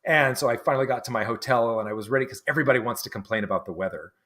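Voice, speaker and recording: A man from New England, a guest in a casual conversation, who talks haltingly with many restarts and fillers. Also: mid-range voice, a bit bright. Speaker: interview guest.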